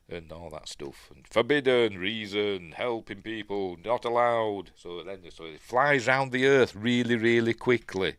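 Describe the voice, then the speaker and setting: Low-voiced Yorkshire man rambling. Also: normal speed, few pauses, fairly bright tone, clean tone, no echo. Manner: rambling, chuckling asides, many fillers. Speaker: film reviewer. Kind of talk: casual commentary over a film.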